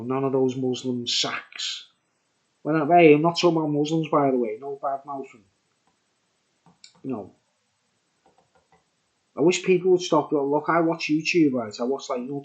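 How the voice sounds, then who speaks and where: On lo-fi sound, a man with a mid-range voice reviews beer for his vlog while tipsy. He rambles casually to the camera, says the same things repeatedly, and keeps adding "mate" and "right?".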